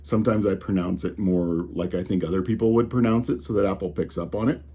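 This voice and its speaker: A man's voice: deep voice, fast, mellow, husky. A man with a slight Colorado drawl, ranting casually and with exasperation about tech, often restarting his sentences. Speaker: tech commentator.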